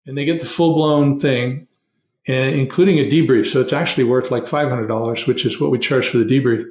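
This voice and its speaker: A middle-aged man appears as a guest in a conversational podcast interview, speaking earnestly and steadily about hiring as a process. His voice is medium-pitched and darkish, with a reverberant sound.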